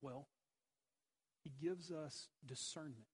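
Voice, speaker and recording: A man's voice: fairly high pitch, lively intonation, moderate pace, slightly rough, poor audio. A man preaching a sermon, emphatic, with rhetorical questions and repeated phrases. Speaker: pastor.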